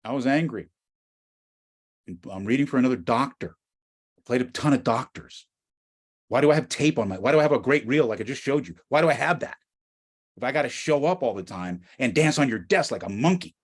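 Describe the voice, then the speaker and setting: A middle-aged man with an American accent, giving an animated storytelling talk as a guest speaker. He swings from quiet asides to near-shouts. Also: mid-range voice, brisk, long pauses. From United States.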